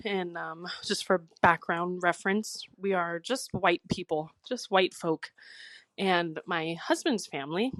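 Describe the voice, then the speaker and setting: A young woman telling a cringe story in a chatty, exasperated way, as a recorded voice message to a podcast. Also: mid-range voice. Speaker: listener sending in a story.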